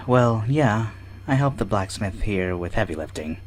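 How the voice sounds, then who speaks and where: An easygoing young male honey badger, as a man voices him in a fan cartoon. His voice sits low but moves around a lot. He drawls casual slang like nothing in the world could bother him. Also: measured pace, no echo. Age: 20s. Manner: relaxed, casual slangy talk.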